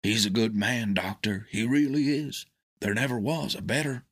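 A man's voice: medium pitch, moderate pace, fairly bright tone, slightly rough. A man voicing a loyal, earnest male bulldog who speaks in a pleading way.

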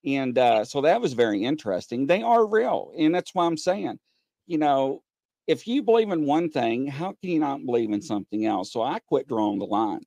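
Male guest, gravelly, animated delivery, dry recording. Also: mid-range voice, normal speed, no echo. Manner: excitable, repeats himself, shouts when retelling stories. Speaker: paranormal investigator guest. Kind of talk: casual chat.

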